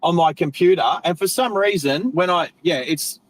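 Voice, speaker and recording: Australian male streamer, middle-aged, rambly casual chatter, voice sits a little high. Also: normal speed, poor audio. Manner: rambling, chatty, self-correcting, friendly slang. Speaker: live stream host. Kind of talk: casual live stream chat while driving.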